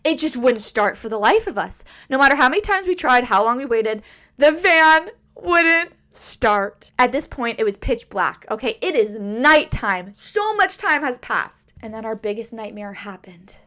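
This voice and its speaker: Lively high-voiced woman telling a story. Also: a little slow. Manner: animated, dramatic storytelling. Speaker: podcast host. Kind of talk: casual storytime podcast.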